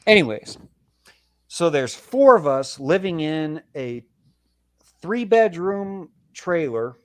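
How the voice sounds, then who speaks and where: A man's voice: on the high side, big pitch swings, slow. Profane man venting on a call-in. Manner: profane, heated storytelling. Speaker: caller. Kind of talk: casual call-in storytelling.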